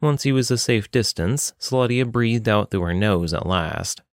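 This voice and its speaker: A man narrating an audiobook with an expressive reading. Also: on the low side, moderate pace, no room sound, clean studio sound.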